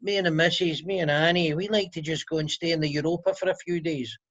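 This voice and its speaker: A man's voice: a little high, steady tone, quick pace, fairly bright tone. A Scottish man with a Glaswegian accent, a comedian talking casually and sarcastically on a video call, swearing freely. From Scotland. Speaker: comedian guest. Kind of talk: casual interview chat.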